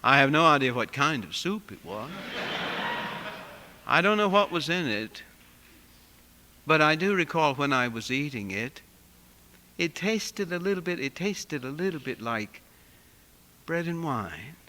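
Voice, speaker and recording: Bright-voiced storytelling preacher in a hall. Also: male voice, on the high side, sing-song, a little slow, long pauses. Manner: vivid storyteller with wide swings in loudness, dropping to a hush. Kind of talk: sermon storytelling. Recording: long hall reverb.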